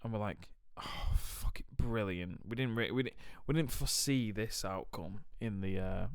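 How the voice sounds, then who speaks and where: A man's voice: fairly low pitch, moderate pace, gravelly, clear, resonant tone, dry recording, clean studio sound. A young adult man with a British accent, hosting a podcast and telling stories animatedly, swearing and filling his talk with "like". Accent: British English. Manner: animated, swearing, many fillers. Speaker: podcast host. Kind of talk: casual storytelling chat.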